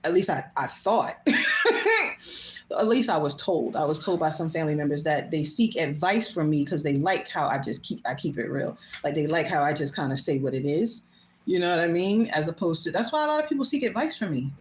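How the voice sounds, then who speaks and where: A woman's voice: deep voice, lively intonation, brisk, slight background noise. A woman hosting her own show, talking bluntly and casually, swearing freely and laughing often. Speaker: host. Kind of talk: casual monologue. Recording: echoey room.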